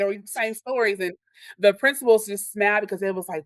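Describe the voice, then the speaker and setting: A woman teacher, telling animated stories in a podcast interview and acting out what her students say. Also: medium pitch, fast, no echo. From Louisiana. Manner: animated storyteller, acts out quotes from kids. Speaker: elementary school teacher.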